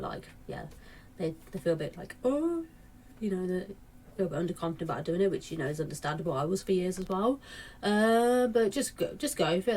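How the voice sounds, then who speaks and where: A woman in her late twenties talks casually to camera at home, wandering through her thoughts with plenty of fillers and restarts. Her voice sits fairly low for a woman. A faint hum of ambient noise stays in the background. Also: darkish tone. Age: late 20s. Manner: rambling, many fillers and restarts. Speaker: vlogger.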